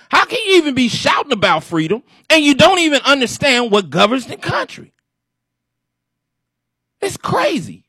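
A high-pitched man with a husky edge delivers an exasperated, preachy commentary rant straight to his audience. His pitch jumps around as he repeats his points. The recording is dry and close. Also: bright, forceful tone, no echo. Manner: exasperated, lecturing, repeats himself. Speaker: commentary show host.

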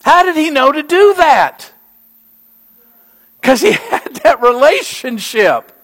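A middle-aged man preaches a sermon in a fairly high voice. He tells stories with animation and pushes his key lines to emphatic peaks. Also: very animated, takes it slowly, fairly bright tone. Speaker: pastor.

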